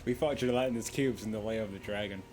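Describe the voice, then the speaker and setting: A man's voice: on the low side, quick pace, darkish tone, soft background music. A man playing a tabletop game, chatting casually and rambling with lots of fillers. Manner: rambling, full of "like". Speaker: player.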